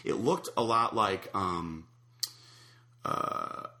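A man's voice: low-pitched, very slow, reverberant. A man telling a long rambling story in casual chat, full of fillers and restarts. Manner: rambling, animated anecdote with many fillers.

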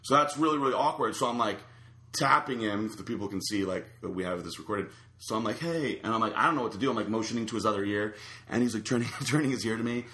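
A man's voice: fairly low pitch, quick pace, roomy sound. A man telling a long rambling story in casual chat, full of fillers and restarts. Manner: rambling, animated anecdote with many fillers.

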